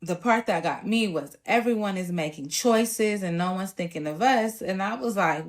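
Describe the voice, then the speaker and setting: A woman's voice: mid-range voice, normal speed, few pauses. A woman in her thirties hosting a podcast, telling a personal family story in a casual, colloquial, candid and emotional way. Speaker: podcast host.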